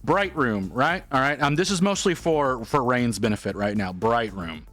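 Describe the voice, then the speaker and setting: A man's voice: medium pitch, animated, normal speed, a bit bright, soft background music. A man telling a long, rambling story to his stream chat, slipping into quoted voices as he goes.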